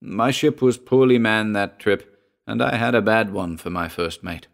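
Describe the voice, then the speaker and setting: A man voicing a gruff, frightened old sea captain who talks in salty sailor's speech, low and brooding. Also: moderate pace.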